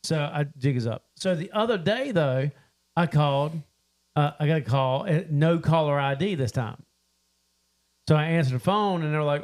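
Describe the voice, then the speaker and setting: A man's voice: on the high side, moderate pace. A man, a bail bondsman co-hosting a podcast, telling stories in casual chat and acting out phone calls. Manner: animated retelling, acts out phone calls.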